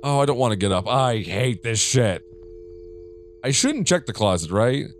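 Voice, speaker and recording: Young male streamer, lively swooping voice, jumpy, profane, self-mocking horror commentary. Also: medium pitch, moderate pace. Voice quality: jittery, jokey, swears a lot. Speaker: gaming streamer. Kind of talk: horror game let's play commentary.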